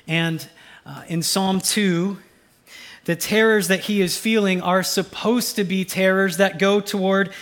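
A pastor preaching a sermon, swinging from loud urgency to a hushed, almost whispered delivery. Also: male voice, high voice. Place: church sanctuary.

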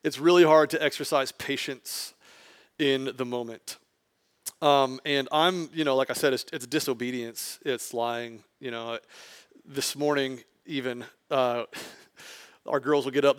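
A man's voice: medium pitch, fairly even intonation, measured pace. A man, a pastor, preaching a conversational sermon to his congregation, often adding "like" and building emphasis.

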